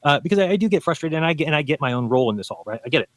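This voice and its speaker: A man's voice: fairly high pitch, expressive, racing, no room sound. A man arguing in a debate, insistent and lecturing, pressing his points hard. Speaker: debate guest. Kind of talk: heated debate talk.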